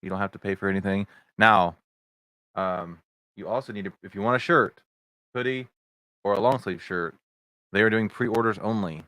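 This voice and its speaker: Deep-voiced middle-aged guy hosting a video chat show, lots of ums, dry mic. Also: normal speed, long pauses, sharp tone, no room sound. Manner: rambling, with many fillers, greets viewers in chat. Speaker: podcast host. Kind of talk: casual livestream chat. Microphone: video chat setup.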